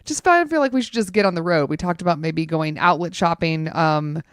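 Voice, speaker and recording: A woman in casual podcast chat, telling an animated story full of "like" fillers. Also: on the low side, a little fast, clean tone, no room sound, studio quality.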